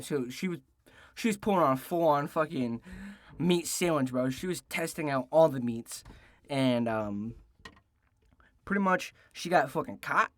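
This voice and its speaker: A man's voice: fairly high pitch, dry recording. A young man in his late teens telling a casual story-time tale, rambling and profane with lots of restarts and fillers. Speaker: storytelling vlogger.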